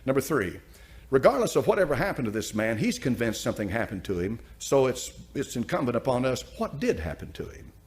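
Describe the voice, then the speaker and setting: Male preacher, animated delivery, hammers points through repetition. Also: medium pitch, brisk. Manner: emphatic, repeats phrases for effect. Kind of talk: preaching commentary on a story.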